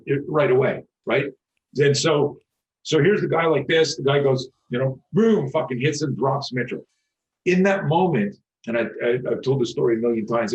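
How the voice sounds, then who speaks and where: A man in his sixties, a podcast guest who teaches self-defense, telling stories in an animated, profane way and acting out the voices of the people in them. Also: mid-range voice. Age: 60s. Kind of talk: storytelling interview talk. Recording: dull lo-fi recording.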